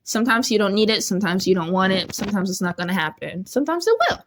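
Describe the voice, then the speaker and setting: A woman's voice: medium pitch, fast talker, slight background noise. Chatty young woman telling a story. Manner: animated, chatty, laughs often. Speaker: vlogger. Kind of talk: casual storytime.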